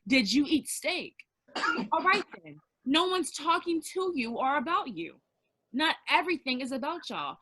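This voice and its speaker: A woman's voice: high voice, very animated, moderate pace, bright, forceful tone, dry recording, poor audio. A woman co-hosting a casual group chat, ranting emphatically and mocking others in quoted voices. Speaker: podcast co-host.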